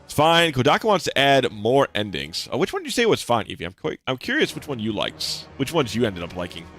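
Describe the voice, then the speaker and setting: A man's voice: medium pitch, big pitch swings, a little fast, a bit bright. A young man giving casual, rambling commentary while streaming a video game, with lots of fillers and restarts. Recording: faint game music behind.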